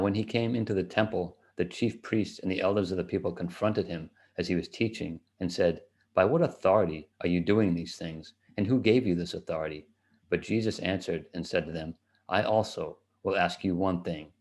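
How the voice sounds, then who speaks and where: A man giving a steady, measured reading of scripture aloud. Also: low-pitched. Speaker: scripture reader.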